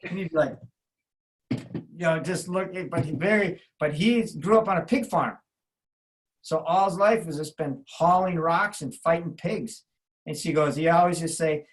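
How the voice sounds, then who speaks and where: A man's voice: on the high side, moderate pace, rough recording. A man in his fifties, a martial arts coach on a podcast, telling rambling anecdotes with restarts and acting out other people's lines. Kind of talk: casual storytelling.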